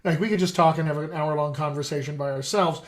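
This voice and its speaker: Speaking quickly with a voice on the high side, this dialect coach runs a live video stream. Over a video call setup, he chats casually and playfully, addressing his viewers directly.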